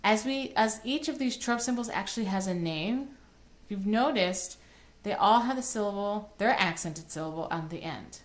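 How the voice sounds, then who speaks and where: A woman's voice: medium pitch, expressive, moderate pace. A woman cantor teaching Torah cantillation, explaining plainly and breaking into short sung chant phrases. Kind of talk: recorded online lesson.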